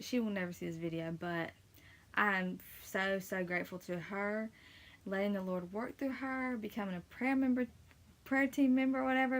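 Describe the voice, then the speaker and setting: A woman's voice: medium pitch, a bit bright. Young woman sharing an emotional testimony. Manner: rambling, many fillers and restarts, emotional and near tears. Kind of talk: casual personal testimony.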